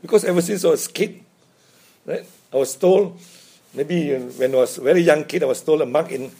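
A man's voice: a little high, brisk, creaky, warm tone, husky. A man giving an informal Buddhist dharma talk, chatty, chuckling often and checking in with "right?". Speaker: Buddhist teacher.

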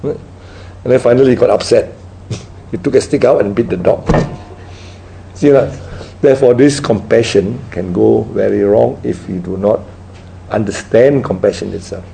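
A man's voice: on the low side, creaky, mellow, a little hiss or hum, poor audio. A man teaching as a Buddhist teacher in a dharma talk, telling stories and checking in with his listeners with a constant "right?". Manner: tag questions like "right?" after nearly every point; unhurried, storytelling delivery. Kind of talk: dharma talk with audience questions.

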